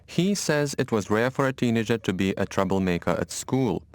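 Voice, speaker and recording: Low-voiced man telling a family story. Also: expressive, normal speed, dry recording. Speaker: speaker in a listening exercise. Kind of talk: scripted personal monologue.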